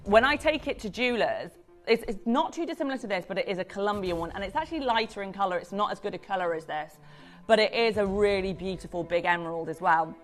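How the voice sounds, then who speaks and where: A woman's voice: medium pitch, animated, fast, faint music behind. Gushing woman selling on live TV. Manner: gushing, effusive, upbeat selling. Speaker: TV shopping presenter. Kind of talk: live shopping channel sales patter.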